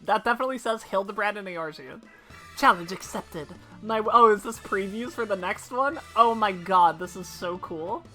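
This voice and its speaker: A woman livestreaming a game, chatting casually and excitably with her viewers. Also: mid-range voice, normal speed, soft background music. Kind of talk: casual live-stream chat while gaming.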